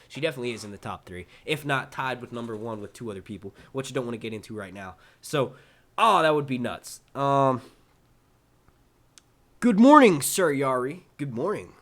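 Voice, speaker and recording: A man with a New York accent hosting a casual live-stream Q&A, answering chat questions in an excitable, rambling way and swearing casually. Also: medium pitch.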